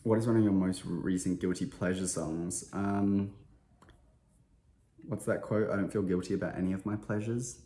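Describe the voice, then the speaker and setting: A man's voice: low-pitched, fairly even intonation, moderate pace, mellow, echoey room. A man, reading fan questions aloud and answering them in a casual, rambling chat full of filler words. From Australia. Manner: chatty, self-deprecating, lots of filler words. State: slightly unwell. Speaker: interviewed musician.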